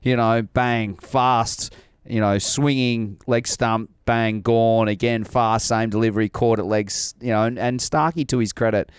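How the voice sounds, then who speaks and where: A man's voice: medium pitch, measured pace, smooth, no echo, clean studio sound. An Australian man, a former cricketer, chatting animatedly and laughing as he tells stories. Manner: animated storyteller, laughs often. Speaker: cricket podcast guest, former player. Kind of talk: casual chat.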